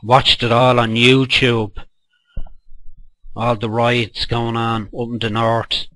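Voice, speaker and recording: A middle-aged Irish man in a furious, foul-mouthed rant, scolding his listeners hard. His voice is bright and forceful, and the sound is dry and close, with no room echo. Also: medium pitch, flat delivery, slow. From Ireland. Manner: heated, profane, scolding. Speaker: political vlogger. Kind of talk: angry rant to camera.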